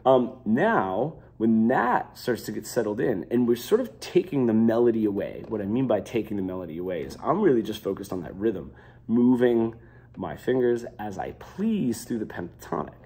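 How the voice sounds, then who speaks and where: Husky man teaching guitar, rambling. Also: on the low side, lively intonation, normal speed, dark tone. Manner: loose and rambling, many fillers and restarts. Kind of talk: unscripted guitar lesson.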